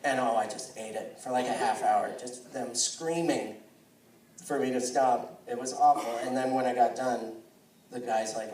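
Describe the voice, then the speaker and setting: A man's voice: medium pitch, normal speed, distant mic. A man doing a stand-up comedy set on a live theater stage, rambling with self-mocking asides. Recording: echoey live theater, crowd noise.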